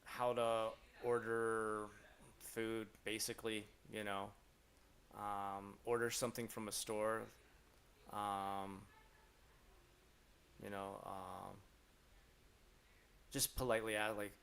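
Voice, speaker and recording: A man's voice: lowish voice, little pitch movement, slow, gravelly, pauses often, fairly bright tone, a little hiss or hum. A man from Florida in his thirties or forties, hosting a casual live Q&A, rambling and swearing freely as he tells stories. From Florida, USA. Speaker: live stream host answering questions.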